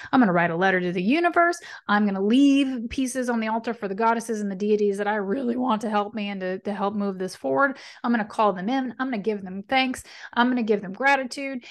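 A woman hosting a tarot reading, speaking in an animated, encouraging way and often checking in with her listeners. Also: on the high side. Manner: animated, encouraging, checks in with frequent "right?" and "okay?"; speaks affirmations with conviction. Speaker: tarot reader and podcast host. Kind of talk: casual spiritual guidance talk.

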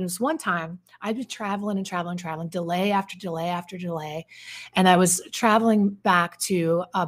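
A woman, a relationship coach, telling a personal story to her viewers in a casual, vivid way, with plenty of fillers and some swearing. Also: lowish voice. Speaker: codependency coach.

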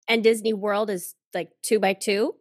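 A woman's voice: mid-range voice, little pitch movement, moderate pace, darkish tone, no echo, clean studio sound. A woman from the American South with a Southern accent, telling stories on a casual podcast and laughing often. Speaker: podcast co-host.

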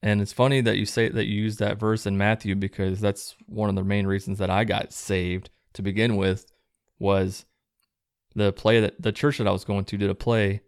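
Low, gravelly man reading letters. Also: normal speed, dry recording, clean studio sound. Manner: low-key, plain reading, relaxed asides. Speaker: host reading viewer stories. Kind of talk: reading viewer letters aloud with casual commentary.

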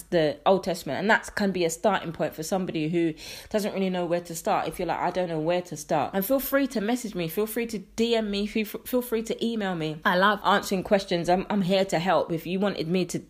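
A woman's voice: fairly low pitch, brisk. Earnest woman hosting a faith podcast. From England. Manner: earnest, conversational, preacherly. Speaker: podcast host. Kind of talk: faith-based solo podcast talk. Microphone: podcast microphone.

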